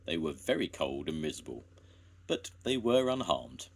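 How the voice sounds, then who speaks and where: An older man, a grandfather, reading a children's story aloud in a slow, gentle way. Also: rumbling low, very animated, slightly rough.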